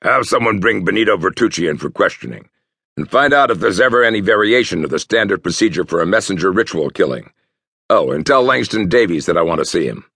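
A man's voice: deep voice, lively intonation, fast talker, gravelly, sharp tone, breathy edge, dry recording, clean studio sound, voice pushed up, heavily acted. Man voicing a harsh police detective chief. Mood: businesslike. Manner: harsh, commanding.

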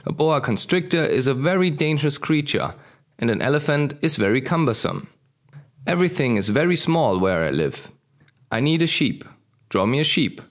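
A man voicing a small, earnest boy prince who asks softly and gravely but keeps insisting. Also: mid-range voice, sing-song, normal speed, lightly acted. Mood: insistent. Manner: soft, grave and persistent.

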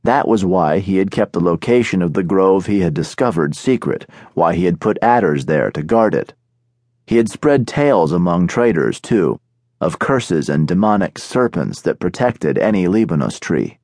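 A man narrating an audiobook in a steady, measured storytelling manner, recorded on a studio microphone. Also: deep voice, no room sound. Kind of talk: scripted narration.

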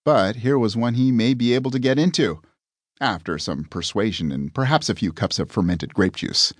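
A man's voice: lowish voice, lively intonation, normal speed, no echo. A man narrating a comic audiobook with a dry, wry delivery.

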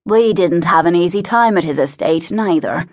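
A woman voicing a rough hired thug who speaks slowly and defensively. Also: fairly low pitch, expressive. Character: rough hired thug, defiant working man.

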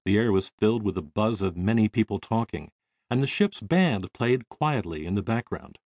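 Expressive male audiobook narrator. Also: lowish voice, normal speed, dry recording. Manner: expressive storytelling.

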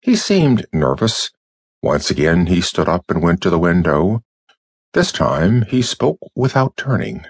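Male audiobook narrator, low and husky, measured delivery, lively intonation. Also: no echo, clean studio sound. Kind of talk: scripted narration.

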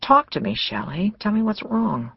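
Read this as a narrator playing an intense man in an audiobook, pressing his lover hard with a gravelly edge, on a dull, dry recording. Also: medium pitch, big pitch swings, normal speed, dry recording, voice pushed up, exaggerated voice. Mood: insistent. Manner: insistent, then gentle. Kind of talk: audiobook character dialogue.

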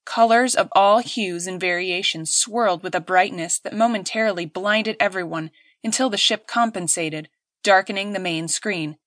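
A woman narrating an audiobook in a steady, clear storytelling voice. Her pitch sits in the middle of the range. She is recorded on a close studio mic with a dry, dead sound. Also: moderate pace, no room sound. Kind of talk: scripted narration.

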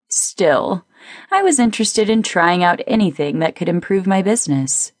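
A woman narrating a first-person audiobook in a lively, playful way on a close studio mic. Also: fairly low pitch, no room sound.

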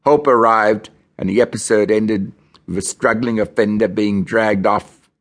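A man from Australia reads a novel aloud in the first person, measured and grim. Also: fairly low pitch, fairly even intonation. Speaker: audiobook narrator.

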